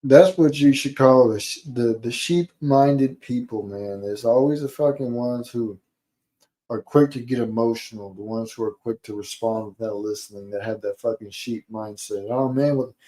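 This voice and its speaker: A man's voice: mid-range voice, moderate pace, dark tone, poor audio. A man hosting a reaction show, casual and profane.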